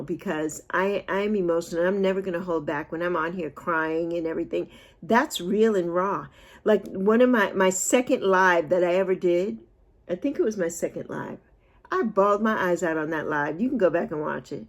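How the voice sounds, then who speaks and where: A woman in her sixties talking casually and emotionally to her viewers, rambling and laughing at herself. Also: on the low side. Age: 60s. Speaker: vlogger. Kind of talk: unscripted talk to camera.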